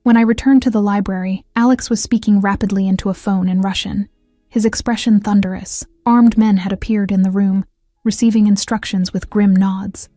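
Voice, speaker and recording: A woman reading first-person audiobook narration in an even, measured way. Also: mid-range voice, no echo, clean studio sound, soft background music.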